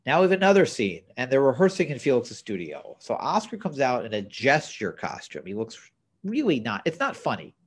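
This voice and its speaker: A man's voice: medium pitch, wildly swooping pitch, brisk, breathy edge. A man co-hosting a podcast, recapping a TV episode in casual chat with blunt opinions. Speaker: podcast co-host.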